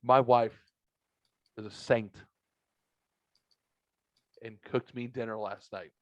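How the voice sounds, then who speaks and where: A man co-hosting a podcast, telling profane, exaggerated comic stories in a casual, animated way. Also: medium pitch, takes it slowly, dry recording, dull audio. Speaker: podcast co-host. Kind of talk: casual comedic storytelling.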